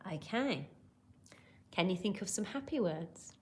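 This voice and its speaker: Lively, expressive woman teaching young children. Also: lowish voice, slow pace. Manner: expressive, acts out shouting, whispering and gasping to show words; encouraging, patient teacher talk. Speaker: primary school teacher. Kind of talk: recorded online lesson for young children.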